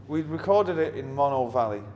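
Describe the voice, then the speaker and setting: A man's voice: mid-range voice, lively intonation, a little fast, a little mellow, lo-fi sound. A middle-aged man, a musician telling anecdotes in an interview in a blunt, wry, heavily swearing manner. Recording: long reverb with faint ambient noise.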